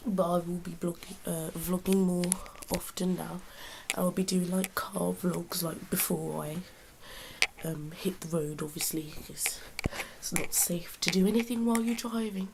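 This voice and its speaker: Young woman, casual vlog chat, unhurried, soft half-whisper, faint hiss behind. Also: on the low side, vocal fry. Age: young adult. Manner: chatty, excited, with many fillers. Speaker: vlogger.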